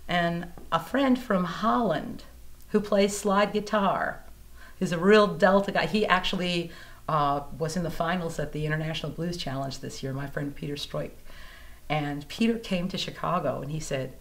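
A woman blues singer telling stories in a casual interview at a music museum, animated and acting out the people she quotes. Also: fairly low pitch, normal speed.

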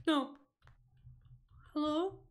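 A young woman streaming a horror game, reacting out loud, swearing and talking to the game as she plays. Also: high voice, very slow. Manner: jumpy, swearing, talks to the game. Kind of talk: live gameplay reaction.

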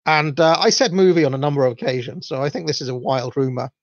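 Gravelly Welsh man, rambling solo talk. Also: fairly high pitch, fast, dry recording, lo-fi sound. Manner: rambling, filler-heavy, self-deprecating. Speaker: podcast host. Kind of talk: casual solo livestream talk.

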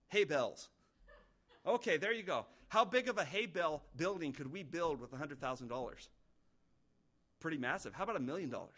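A man's voice: animated, a little fast. Man preaching with sudden surges. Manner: earnest preaching with sudden rises in pitch and loudness. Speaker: pastor. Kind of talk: sermon.

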